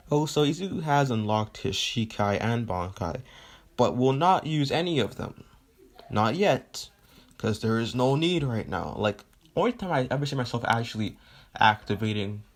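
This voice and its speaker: A man telling a fan story in a casual, rambling way with lots of fillers and swearing. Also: on the low side.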